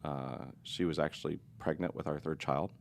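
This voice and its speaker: A middle-aged man with an extremely deep voice and a rough, gravelly fry. He tells a personal story in a podcast interview, earnest and confessional, with a reflective tone. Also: fairly even intonation, normal speed, slight background noise.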